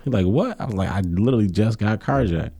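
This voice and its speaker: A man's voice: lowish voice, quick pace. A man who coaches college sports, telling stories in a casual interview and acting out what others said. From Kenosha, Wisconsin. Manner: animated storytelling, acts out quotes in a raised voice.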